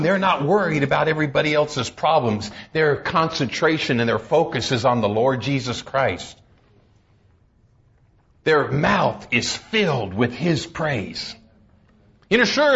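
A man preaches with a high voice that swings widely up and down, pressing his points hard. He reads scripture in a slow, solemn cadence and then drops low for emphasis. The recording sounds dull and lo-fi. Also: very animated, fairly bright tone. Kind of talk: sermon.

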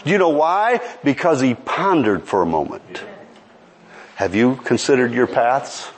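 A man's voice: medium pitch, a little slow. A man preaching a sermon, telling a story and pressing the listeners with rhetorical questions. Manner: animated, rhetorical questions, pleading.

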